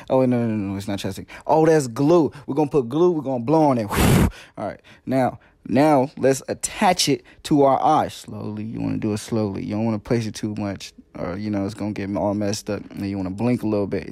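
A man's voice: medium pitch, mellow, no echo, studio quality. A man doing a comedic parody voiceover of a makeup video, playful and slangy, with joking asides.

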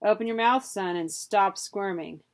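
A foxy frontier scoundrel who pulls teeth, speaking in a low, sly mutter. A woman voices him in a storybook reading. He sounds crafty. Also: a little slow, lightly acted. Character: shifty, foxy frontier scoundrel dentist, a man.

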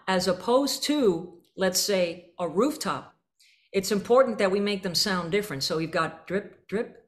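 Her voice is on the low side and a bit bright. She's a jazz clinician leading a band rehearsal clinic, using vivid images to coach players and singing the syllables and rhythm phrases aloud.

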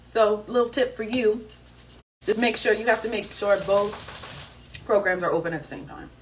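A young woman hosting a live stream from home, chatting casually and telling a story in an animated, slangy way with plenty of cursing. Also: medium pitch, moderate pace. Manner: animated, slangy and profane, with exclamations. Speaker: live-stream host answering viewer questions. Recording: voice a bit distant from the mic, faint background noise.

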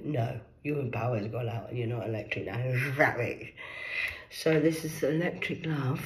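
A British woman vlogging in a rambling live monologue, defiant and boastful, swearing freely and swinging from hushed whispers to loud excited outbursts. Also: very deep voice, normal speed. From United Kingdom.

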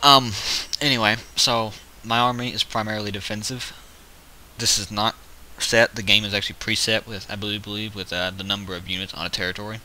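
A man's voice: fairly low pitch, little pitch movement, brisk, bright, forceful tone, poor audio. A man casually commenting on a strategy game he is playing, rambling and counting units aloud as he goes. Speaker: gameplay video host. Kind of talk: casual let's-play commentary. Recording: faint hiss behind.

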